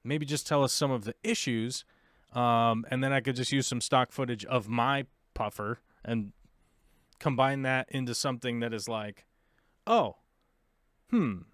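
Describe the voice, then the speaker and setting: Hosting a live aquarium show, this man from the United States rambles casually, with many fillers and restarts. His voice sits at medium pitch with fairly even intonation, normal speed and a fairly bright tone, in a dry recording of clean studio quality.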